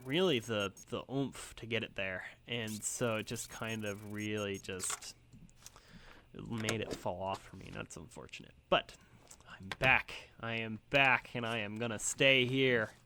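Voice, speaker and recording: Rambling man with a bright voice. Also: fairly low pitch, fairly even intonation, a little slow, a little hiss or hum. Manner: rambling, filler-heavy, self-deprecating. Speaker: gaming channel host. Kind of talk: casual gameplay commentary.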